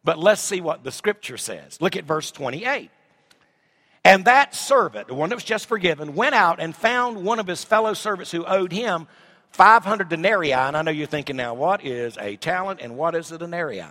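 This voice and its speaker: A man's voice: fairly high pitch, big pitch swings, a little fast, pushed and bright. A man preaching a sermon in a church, reading scripture and asking the congregation emphatic rhetorical questions. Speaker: pastor. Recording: long hall reverb.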